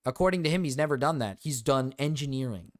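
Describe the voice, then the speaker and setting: A man's voice: medium pitch, lively intonation, fast talker, dry recording, clean studio sound. Ranting, profane male streamer. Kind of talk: reaction commentary.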